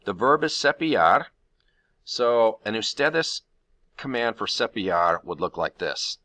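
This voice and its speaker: A man's voice: fairly low pitch, expressive, unhurried, sharp tone, no room sound. A man teaching a Spanish grammar lesson to his class, explaining each step patiently and counting syllables aloud.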